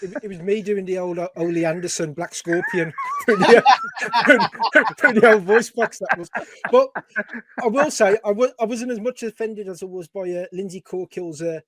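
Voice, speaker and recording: A man's voice: high-pitched, wildly swooping pitch, moderate pace, a bit bright, no room sound. A man co-hosting a podcast, making dry, sardonic remarks. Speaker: podcast co-host. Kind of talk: casual chat.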